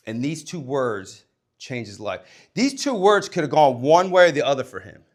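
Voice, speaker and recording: A man and former coach giving a motivational talk to young people, emphatic, swinging between loud and hushed delivery. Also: medium pitch, sing-song, normal speed.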